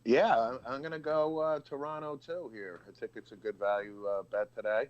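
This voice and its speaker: A man's voice: medium pitch, normal speed, dull audio. A man on a sports betting panel, giving his picks in a casual, easygoing way.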